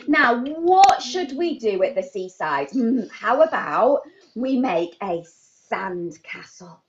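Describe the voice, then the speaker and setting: A woman running a live online baby sign class, talking to toddlers in an animated, sing-song way. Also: on the high side, slow, muffled recording.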